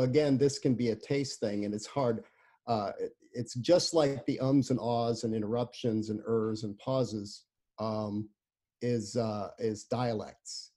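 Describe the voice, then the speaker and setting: A man who writes books, talking through his ideas about writing in a halting way, with many restarts and fillers. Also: fairly low pitch, dark tone, husky. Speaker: author, podcast co-host. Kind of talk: casual chat about writing.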